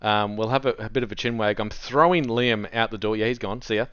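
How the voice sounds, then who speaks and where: A man's voice: lowish voice, fairly even intonation, fast talker, fairly bright tone, clean tone, no room sound, dull audio. A man co-hosting a casual esports race stream, joking and bantering with guests. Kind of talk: casual live-stream commentary chat.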